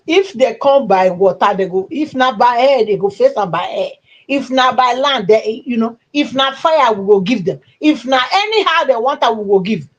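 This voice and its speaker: Her voice slightly high and the recording's highs cut off, a Nigerian-accented woman hosts her channel's livestream. She delivers emphatic, wandering political commentary with a mocking streak.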